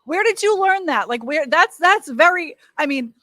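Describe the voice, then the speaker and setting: A woman's voice: sits high, expressive, normal speed, pushed and bright, no echo. Enthusiastic woman hosting an interview, dry sound. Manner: enthusiastic, affirming. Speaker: podcast host. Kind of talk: conversational interview.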